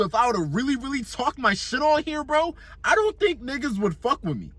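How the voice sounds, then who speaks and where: A young man with a high, slightly bright voice gives a casual motivational monologue, recorded with no echo. As a self-improvement vlogger he's blunt and profane, using slang and explaining his point through one extended analogy.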